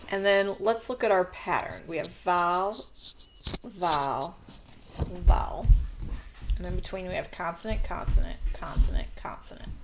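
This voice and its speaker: A woman teaching a children's spelling lesson, dictating words slowly and walking through how to mark each syllable. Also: fairly low pitch, background noise. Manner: slow, stretched-out word dictation.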